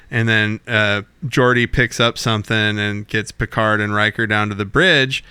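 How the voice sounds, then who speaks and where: A man co-hosting a podcast, retelling an episode in animated, profane casual chat. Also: medium pitch, moderate pace, few pauses, clear, resonant tone, dry recording. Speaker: podcast co-host.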